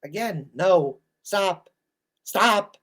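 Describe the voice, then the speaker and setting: A man's voice: sits high, lively intonation, drawn-out words, a bit bright. A man in his thirties ranting bluntly in an exasperated, scolding commentary. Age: 30s. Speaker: sports commentator.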